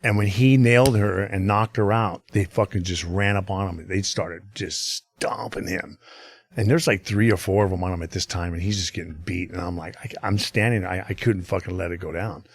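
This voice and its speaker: Low-voiced man telling a story. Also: normal speed. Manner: rambling, profane, many fillers. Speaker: podcast guest. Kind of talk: casual storytelling chat.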